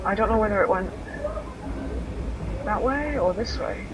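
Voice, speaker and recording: A young woman narrates her own horror game playthrough, muttering to herself and swearing freely. Her pitch sits in a middling range, and she bursts into startled exclamations when something jumps out. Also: expressive, measured pace, background noise. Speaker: let's play host.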